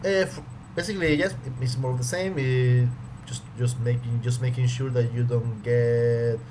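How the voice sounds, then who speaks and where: A man's voice: medium pitch, steady tone, normal speed. A man reviewing a language course in casual commentary, hesitant and often repeating his words as he restarts. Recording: audible background noise.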